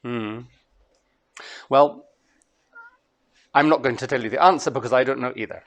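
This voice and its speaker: A Scottish man giving a master class on translation, talking to students in a lively way and chanting rhythms aloud. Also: medium pitch, normal speed. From Scotland. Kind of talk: lecture to students. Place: lecture hall.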